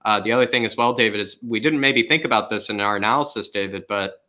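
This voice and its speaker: A man's voice: fairly low pitch, quick pace, sharp tone. A man co-hosting a live football watchalong, offering casual analysis and repeatedly turning to the host. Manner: analytical, keeps addressing the host by name. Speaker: co-host and pundit.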